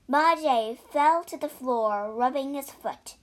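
A woman reading a storybook aloud slowly and clearly for English learners. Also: high-pitched. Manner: slow, clear, deliberate.

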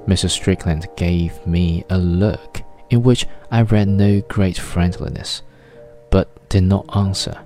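A man reading a novel aloud in measured, literary scripted narration. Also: sits low, fairly even intonation, warm tone, soft background music. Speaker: audiobook narrator.

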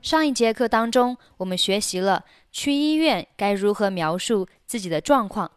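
A woman teaching English phrases in a slow scripted lesson, reading each line twice with careful diction. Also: mid-range voice, expressive, dry recording, clean studio sound, soft background music. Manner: reads phrases twice, slowly and clearly.

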